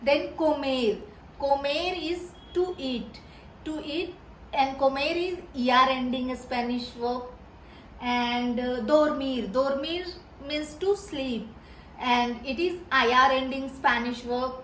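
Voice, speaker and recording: Woman tutor, Hindi native speaker, unhurried and halting, faint hum behind her. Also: high voice, a bit bright. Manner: hesitant, many pauses and fillers. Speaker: Spanish tutor. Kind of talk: slow explanatory lesson. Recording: echoey room with faint background hum.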